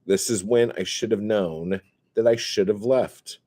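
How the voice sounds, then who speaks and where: A man casually telling a profane, self-mocking story on a live stream, swinging between loud outbursts and mumbles. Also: lowish voice, unhurried. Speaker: comedian hosting a live stream.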